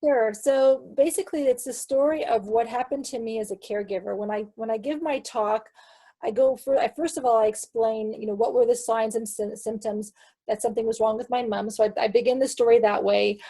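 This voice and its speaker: A woman guest in an interview, a caregiver coach who talks in an earnest, halting way with many restarts. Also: a little high, fairly even intonation, mellow. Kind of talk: casual interview chat.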